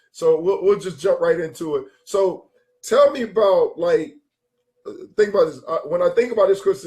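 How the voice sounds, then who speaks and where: A male talk show host telling stories and asking questions in a lively, slangy way. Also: sits high, husky. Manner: animated storyteller, slangy. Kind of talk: casual sports talk show hosting.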